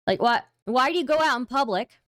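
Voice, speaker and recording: A woman's voice: high voice, lively intonation, fairly quick, no echo, studio quality. A woman hosting a live stream, giving rambling, incredulous casual commentary with lots of fillers. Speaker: streamer host.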